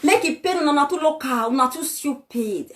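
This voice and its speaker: A young Nigerian woman vlogger rants fierily, insulting and scolding her viewers. Her voice is high, expressive, brisk, and a little bright.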